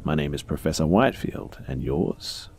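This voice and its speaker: A man's voice: extremely low pitch, lively intonation, normal speed, a little mellow, slight background noise. A man voicing a coldly polite professor who speaks with patronizing, courteous menace. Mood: smooth, menacing. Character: coldly polite male professor experimenting on a captive.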